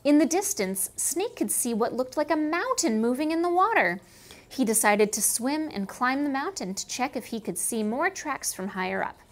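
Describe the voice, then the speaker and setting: Canadian woman educator, fairly high, very lively, reads storybook to preschoolers. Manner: slow, sing-song, asks kids questions. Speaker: museum children's educator. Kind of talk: storybook reading and lesson for small kids.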